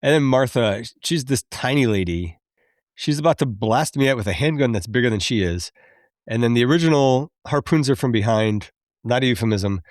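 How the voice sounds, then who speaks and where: A man in his thirties hosting a podcast, chatty and quick to laugh as he recaps a film and admits it moves him. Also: medium pitch, expressive, no room sound, studio quality. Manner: chatty, laughs often, openly emotional. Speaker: podcast host.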